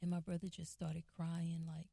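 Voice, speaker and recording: A woman's voice: on the low side, completely flat delivery, normal speed, vocal fry, warm tone, husky. A woman telling a family memory in an oral history interview, in an earnest, reflective way with restarts.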